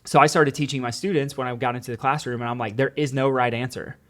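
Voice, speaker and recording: A man's voice: medium pitch, fairly even intonation, quick pace. A man, a former teacher, talking in a casual podcast conversation, telling earnest stories and quoting his students and their parents. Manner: earnest storytelling with many "like"s and quoted dialogue.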